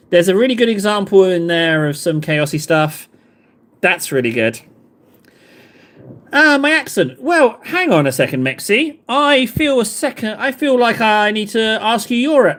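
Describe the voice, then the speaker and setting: A man with a southern English accent hosting a livestream, chatting casually to viewers in a rambling, self-mocking, jokey way. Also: high-pitched. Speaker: livestream host. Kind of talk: casual chat to live viewers.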